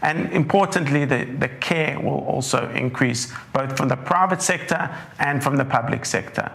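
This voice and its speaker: A man, a portfolio manager with a croaky, hoarse throat, giving a measured webinar presentation that walks through charts. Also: mid-range voice, a bit bright. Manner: measured, leans on "importantly", walks through slides.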